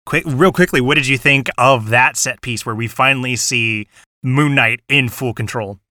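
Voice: mid-range voice, moderate pace, pushed and bright, dry recording, studio quality. A podcast co-host in a casual chat about a TV show, thoughtful and analytical, laughing often.

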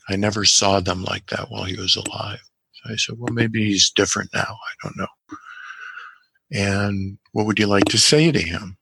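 Calm male guest, deep and gravelly, measured case-history storyteller. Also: dry recording. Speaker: guest practitioner of guided imagery. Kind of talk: telling a patient case history.

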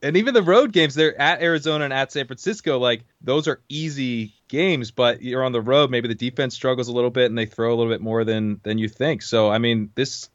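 A man's voice: medium pitch, no echo. A man co-hosting a fantasy football podcast in casual chat, easygoing and agreeable, with lots of "like". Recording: dry, slightly dull podcast mic.

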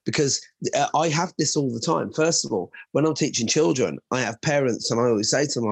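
Husky irish guy, martial arts coach, super animated storytelling, dry close sound. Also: mid-range voice, quick pace, no echo. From Ireland. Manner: animated storyteller, acts out dialogue. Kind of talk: casual podcast chat.

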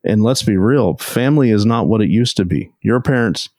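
Podcast guy, lowish voice, calm explainer, keeps asking right?, dry sound. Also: moderate pace, no echo. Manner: steady, explanatory, checks in with "right?". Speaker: podcast co-host. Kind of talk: casual podcast chat.

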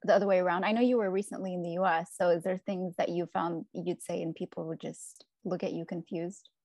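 A woman from California with an American accent, hosting a relaxed podcast conversation. She talks in a chatty, upbeat way with plenty of fillers. The sound is dry, with no room echo. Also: lowish voice, a little fast. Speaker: podcast host. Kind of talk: casual interview chat. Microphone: remote video call.

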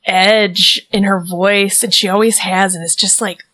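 A woman's voice: mid-range voice, fairly even intonation, unhurried, crowd noise. A woman in a casual podcast chat, chiming in with enthusiastic remarks.

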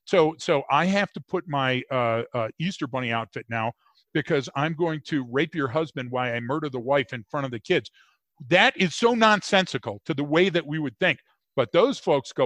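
A man co-hosting a casual podcast, talking in an animated, joking way that rambles with frequent restarts. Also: medium pitch, a little fast, no room sound. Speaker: podcast co-host.

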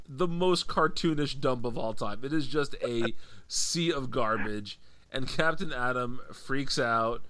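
A man co-hosting a casual comic book podcast, his voice sitting at an ordinary middle pitch. He recaps the story wryly, slipping into brief put-on voices for the characters and leaning on dry humor. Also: a bit bright. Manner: wry, recaps plots by acting out characters' lines. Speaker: podcast co-host.

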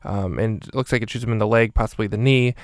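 A man's voice: fairly low pitch, fairly even intonation, fast talker, no room sound, clean studio sound. A man casually recapping a movie minute by minute and rating each one, in a rambling way with many fillers. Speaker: movie reviewer.

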